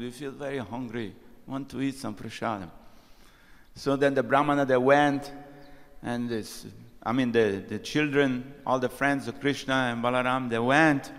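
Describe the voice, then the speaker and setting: A man's voice: medium pitch, fairly bright tone. Man giving a temple class, storytelling and acting out quotes, long hall reverb. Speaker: temple speaker.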